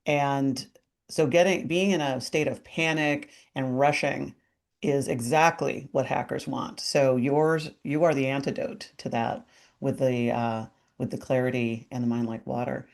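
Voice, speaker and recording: A woman's voice: extremely low pitch, fairly even intonation, measured pace, gravelly, darkish tone. Woman host, earnest interviewer, thinks aloud with small restarts. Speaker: podcast host. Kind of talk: casual interview chat.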